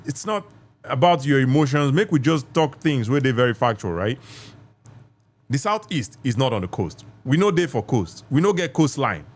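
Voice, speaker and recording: A man with a Nigerian accent hosting a live call-in podcast debate, assertive and lecturing, repeating himself for emphasis. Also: on the high side. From southeast Nigeria. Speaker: podcast host.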